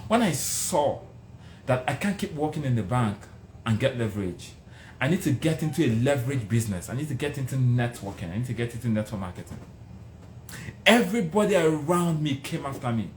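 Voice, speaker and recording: Male motivational speaker, passionate and building, mid-pitched voice, roomy echo. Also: very animated, a little fast, slight background noise. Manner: passionate, building to raised intensity. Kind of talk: motivational speech.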